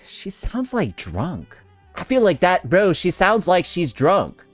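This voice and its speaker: A man's voice: high-pitched, wildly swooping pitch, slow, no room sound, soft background music. A man making a blunt, profane gaming reaction video, incredulous and repeating "bro" constantly. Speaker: gaming YouTuber.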